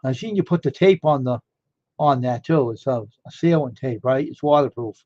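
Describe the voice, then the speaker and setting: A man's voice: medium pitch, moderate pace, dark tone, no room sound. A man chatting casually on a live stream, rambling and amazed, firing off one question after another. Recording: dull lo-fi dry sound.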